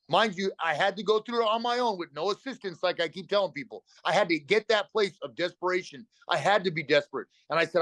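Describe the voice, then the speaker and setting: This middle-aged man's high, slightly bright voice carries a blunt, emotional account of his recovery, delivered rapidly as a podcast guest with plenty of cursing. No room sound is present.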